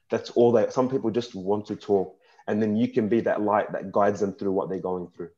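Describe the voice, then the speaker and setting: A young man on a discussion panel, telling his personal story in a frank and earnest way that turns halting and emotional in places. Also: lowish voice, steady tone, a little mellow. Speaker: panel speaker. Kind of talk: personal testimony at a panel talk. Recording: dull lo-fi sound.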